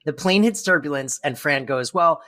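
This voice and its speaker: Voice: medium pitch, normal speed, sharp tone. A podcast co-host in casual chat about a sitcom episode, acting out the quoted lines with big voices.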